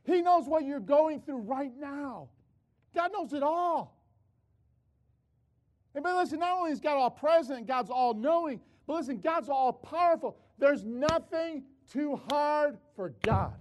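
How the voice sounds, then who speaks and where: An older man preaching a sermon, telling a family story with animated delivery and repeated words, calling out to his audience. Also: extremely high pitch.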